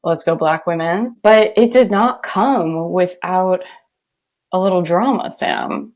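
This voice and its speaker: A woman hosting a podcast in casual, animated chat, often laughing. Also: lowish voice, slow. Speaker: podcast host.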